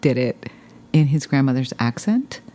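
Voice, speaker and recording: A woman's voice: extremely low pitch, lively intonation, normal speed, dark tone. A woman from New Jersey, a podcast guest, telling family stories in a rambling, dryly funny way, full of "like"s. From New Jersey, USA. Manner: rambling, dry humor, many "like"s. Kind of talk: casual storytelling chat.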